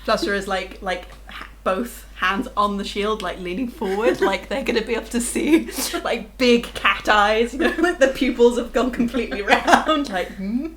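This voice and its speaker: A woman's voice: fairly high pitch, normal speed, hardly any pauses, a bit bright. A British woman playing a tabletop game, giggly and playful, peppering her speech with "like". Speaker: player.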